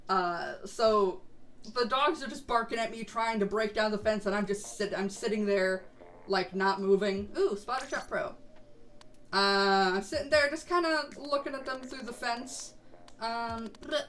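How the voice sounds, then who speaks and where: Her voice is on the high side, a bit bright and a little slow as this VTuber streamer chats while she games. Casual and somewhat rambling, she laughs frequently.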